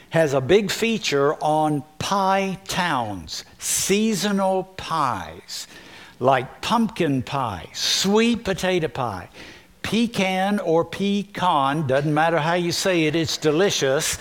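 Slow-speaking male pastor preaching. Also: a little high. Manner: folksy, engaging the congregation. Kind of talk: sermon.

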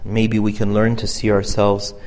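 A man's voice: fairly low pitch, completely flat delivery, a little mellow. Earnest man preaching in a reverberant hall. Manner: earnest, halting, repeats and restarts phrases. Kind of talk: conversational sermon.

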